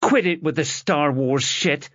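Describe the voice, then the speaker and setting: A man voicing a furious teenage girl in an audiobook, shouting and sobbing hysterically. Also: a little high, measured pace, no room sound, pitched above the performer's own voice.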